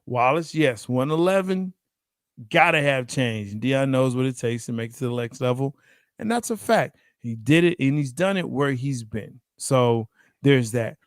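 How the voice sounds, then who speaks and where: Animated man hosting sports talk. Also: medium pitch, normal speed, dry recording, clean studio sound. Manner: animated, laughs often, acts out quotes. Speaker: sports show host. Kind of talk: casual sports debate.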